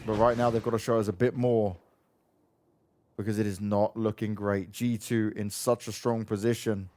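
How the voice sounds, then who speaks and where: A man casting a live esports match with fast, punchy play-by-play and teasing banter, on a headset mic. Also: fairly low pitch, little pitch movement, warm tone.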